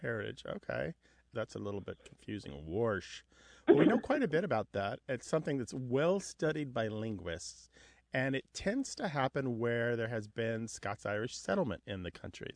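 A man's voice: medium pitch, very animated, normal speed, creaky, no echo, studio quality. A man co-hosting a radio talk show, explaining language points in a lecturing way. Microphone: studio microphone.

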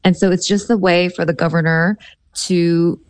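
A woman correspondent explaining a local story in a conversational way, her voice set low. The sound is dry and close. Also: steady tone, normal speed, no room sound. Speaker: foreign correspondent. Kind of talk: interview answers.

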